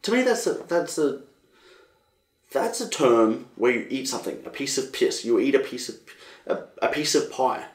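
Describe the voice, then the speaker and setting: A young Australian man hosting a casual solo podcast, rambling and animated, swearing freely. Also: mid-range voice, normal speed, reverberant. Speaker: podcast host.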